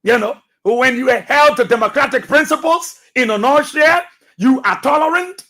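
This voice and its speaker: A man's voice: extremely high pitch, normal speed, sharp tone. A man with a Liberian English accent hosting a radio talk show, delivering emphatic commentary with repeated phrases and rhetorical questions. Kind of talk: commentary monologue. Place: radio studio.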